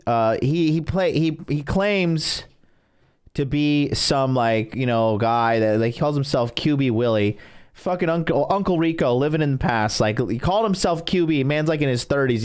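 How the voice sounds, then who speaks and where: A man hosting his own stream as a dating coach, ranting in a profane, boastful, rambling way. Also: medium pitch. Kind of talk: ranting livestream monologue.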